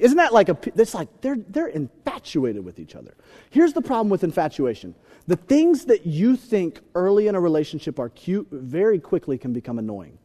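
A young man delivers a sermon with playful, animated energy, slipping into little acted-out bits. His voice sits high and swings widely in pitch. The sound carries the long reverb of a large hall. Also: fairly quick. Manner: animated, joking, acts out voices. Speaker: pastor.

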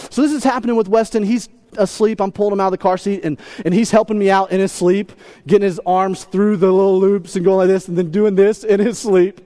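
A man in his thirties preaching a sermon, telling a story in an animated, self-deprecating way and often repeating his words. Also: high voice. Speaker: pastor.

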